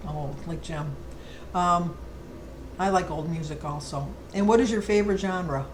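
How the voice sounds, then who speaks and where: A woman's voice: lowish voice, measured pace, a little hiss or hum, rough recording. A middle-aged woman vlogger chatting casually and rambling fondly through a list of questions. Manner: chatty, rambling, fond storytelling. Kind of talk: casual chat.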